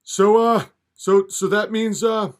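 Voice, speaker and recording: Man putting on nervous stammering young man, high squeaky voice. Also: takes it slowly.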